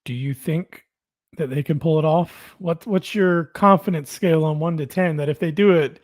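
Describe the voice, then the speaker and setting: A man's voice: on the high side, moderate pace, a little mellow, no room sound, studio quality. A man co-hosting a casual wrestling podcast, wry and teasing as he asks his friend questions. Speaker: podcast co-host.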